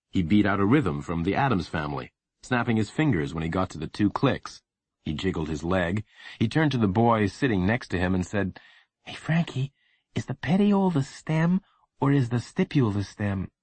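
Low-voiced male audiobook narrator, lively delivery, dry close sound. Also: breathy edge, no room sound. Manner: expressive storytelling.

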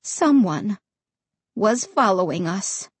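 Woman audiobook narrator, husky tone, lively expressive pitch. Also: slow, no echo. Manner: expressive storytelling. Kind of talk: first-person audiobook narration.

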